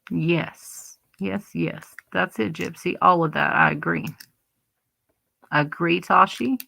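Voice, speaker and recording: Southern woman host, gravelly edge, bright tense tone, rambling casual chat. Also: on the low side, steady tone, slow pace. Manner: rambling, chatty, wandering asides. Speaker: livestream host.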